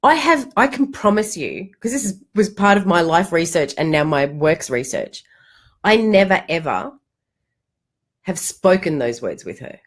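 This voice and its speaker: Middle-aged female money coach, lowish voice, animated, casual and frank. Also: measured pace. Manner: animated storytelling, acts out quotes, casual swearing. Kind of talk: casual livestream talk.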